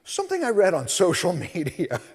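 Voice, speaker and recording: A male minister giving a sermon, telling scripture stories in an animated way and acting out the voices. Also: high-pitched, moderate pace, breathy edge. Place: church sanctuary. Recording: long reverb of a large hall.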